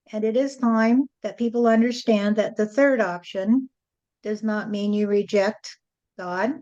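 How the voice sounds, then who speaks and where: A woman speaking as a spirit medium in a channeled spiritual address, with a slow, rhyming, sing-song preaching delivery. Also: medium pitch, a little mellow, dull audio.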